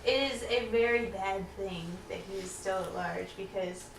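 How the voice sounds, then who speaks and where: A woman's voice: medium pitch, normal speed, vocal fry. A woman playing a character at a tabletop game, speaking playfully and laughing often. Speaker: player. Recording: echoey room, far from mic, background noise.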